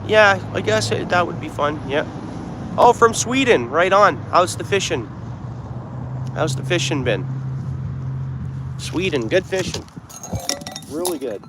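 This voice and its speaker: A man with a slightly high voice talks easily to his live-stream viewers, greeting them and thinking aloud. He is outdoors, and the recording carries plenty of ambient noise from the water and nearby traffic. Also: lively intonation, unhurried, long pauses. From Canada. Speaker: fishing streamer. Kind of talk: live-stream chat while fishing. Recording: clear outdoor background noise.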